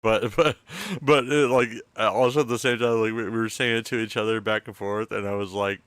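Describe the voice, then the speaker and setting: A man's voice: fairly low pitch, steady tone, a little fast, a bit bright, clean tone, no echo. A man hosting a casual late-night podcast from home, rambling and stammering, swearing a lot as he tells a story. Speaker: podcast host. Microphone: close mic.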